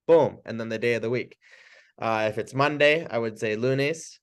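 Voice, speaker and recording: A man's voice: mid-range voice, normal speed, clear, resonant tone. Man giving a chatty training talk. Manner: relaxed, chatty, loose restarts, short laughs. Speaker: chiropractic trainer.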